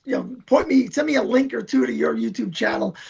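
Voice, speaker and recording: A man's voice: extremely high pitch, brisk, gravelly, a little mellow, breathy edge. An older man, chatting as an interview guest and telling long boastful stories in a rambling way. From New York. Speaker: band member, guest. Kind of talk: casual chat. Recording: dull lo-fi recording.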